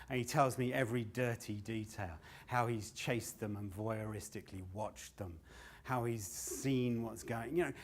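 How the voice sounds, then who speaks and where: Man telling a rambling stand-up story. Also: on the low side. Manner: swearing, rambling, breaks into laughter. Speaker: stand-up comedian.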